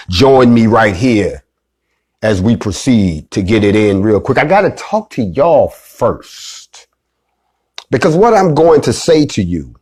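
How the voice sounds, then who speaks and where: A man teaching an online class in a fiery preaching style. He calls out to his listeners again and again, building up in loud, high bursts before dropping to a low hush. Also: slightly rough. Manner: emphatic, repetitive, rallying the listeners with call-outs; sharp swings between loud high bursts and low hushed drops.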